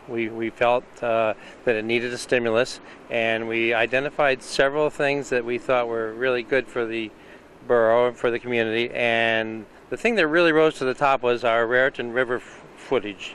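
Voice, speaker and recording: A man who chairs a town committee, explaining in a measured way with some restarts, in an outdoor interview. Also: mid-range voice, a bit bright, slight background noise, rough recording. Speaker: economic development chairman.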